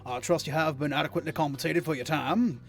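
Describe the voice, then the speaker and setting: A man's voice: fairly high pitch, fast, gravelly, faint music behind. A man voicing a stately wooden tree-man who leads a band of travellers, with formal, grand old-fashioned speech, as he reads game dialogue aloud. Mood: blustery. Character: tall wooden tree-man, stately male group leader.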